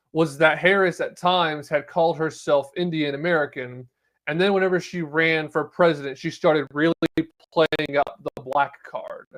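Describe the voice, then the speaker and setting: A man's voice: on the high side, a bit bright. A man hosting a podcast alone, giving casual political commentary with sarcastic asides and reading news articles aloud. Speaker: podcast host.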